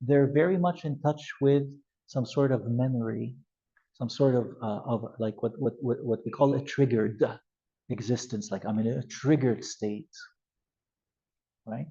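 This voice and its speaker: A man teaching a youth ministry class, animated and acting out scenarios with changes in his voice. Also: mid-range voice, unhurried, lo-fi sound. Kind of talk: classroom lecture with role-play examples.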